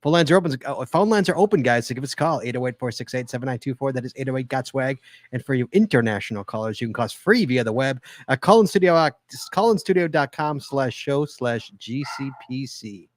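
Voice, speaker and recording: A man hosts a live podcast in a loose, joking, rambling way. His voice sits at an ordinary middle pitch. The sound is dry and close, with no room around it. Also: animated, a little fast, no echo. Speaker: podcast host. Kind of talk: casual live podcast chat.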